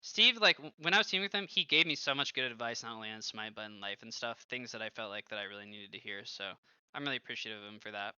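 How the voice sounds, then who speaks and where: A young man in his twenties, a streamer and former pro gamer, telling animated stories full of filler words and cursing. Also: on the low side, quick pace, smooth, dry recording. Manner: animated storytelling, heavy use of filler like and swearing. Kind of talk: casual stream commentary. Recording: dull lo-fi, dry close sound.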